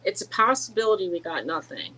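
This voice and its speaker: A woman's voice: lowish voice, very animated, fast talker, pushed and bright, husky, rough recording. A middle-aged woman co-hosting a casual chat, telling rambling stories with frequent restarts and laughs. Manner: rambling storyteller, laughs often, many restarts. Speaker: co-host.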